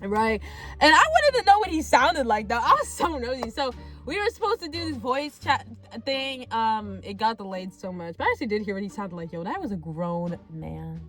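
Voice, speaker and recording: A young woman telling a casual storytime, rambling and animated, with lots of "like" and free swearing. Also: high voice, fairly quick. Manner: animated, rambling, heavy use of "like", swears freely. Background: faint background music.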